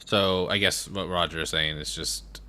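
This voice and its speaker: A man's voice: low-pitched, steady tone, moderate pace, pushed and bright. A man playing a game on stream, chatting casually, asking questions and stumbling over restarts. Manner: questioning, playful, stammers on restarts. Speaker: player, co-host.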